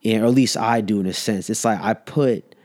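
Low-pitched male co-host, loose conversational delivery, frequent quick interjections. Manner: quick agreeing interjections, animated when arguing. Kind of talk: casual chat.

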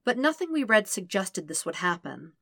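A woman reading a fan podcast story, voicing a teenage girl healer who scolds, then speaks patiently, with a higher voice than the narration. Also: sing-song, normal speed, creaky, fairly bright tone, heavily acted. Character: teenage girl healer, bossy but caring.

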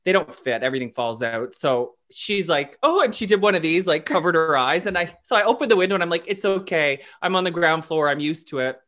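Here a man co-hosts a podcast in casual conversation, laughing as he rambles through personal anecdotes and pokes fun at himself. He sounds a little high and expressive, speaking fairly quickly with hardly any pauses and a fairly bright tone.

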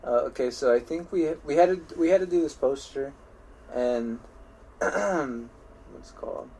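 A man's voice: medium pitch, unhurried, vocal fry, warm tone, slight background noise. Rambling young man telling school stories. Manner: rambling storytelling with frequent restarts and swearing; laughs at his own stories. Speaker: podcast co-host. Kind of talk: casual chat.

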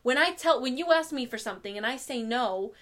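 A woman's voice: high-pitched, lively intonation, brisk, fairly bright tone. A young adult woman co-hosting a casual chat, talking bluntly with lots of swearing and acted-out quotes. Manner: blunt, profane, acts out quotes. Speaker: podcast co-host.

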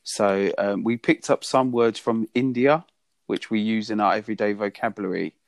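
A man's voice: on the low side, fairly even intonation, moderate pace, vocal fry, no room sound. A man from England co-hosting a podcast, chatting in a rambling, easygoing and teasing way. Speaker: podcast co-host. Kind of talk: casual chat.

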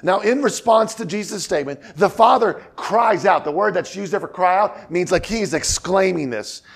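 A male pastor preaching an expository sermon. He explains the text step by step, repeats key phrases for emphasis, and slows down and softens when he quotes scripture. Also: high-pitched, gravelly, slightly rough. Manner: slows down and drops to a quiet tone when quoting scripture.

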